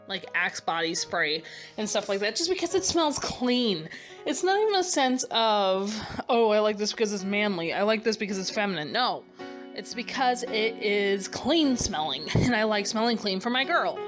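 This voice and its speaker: A young woman with a mid-range voice gives a casual voice-over. She talks candidly and loosely, stopping to correct herself and trailing off. Clear background music plays under her words. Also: medium pitch. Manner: candid and rambling, with frequent fillers and self-corrections. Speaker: vlogger answering a tag.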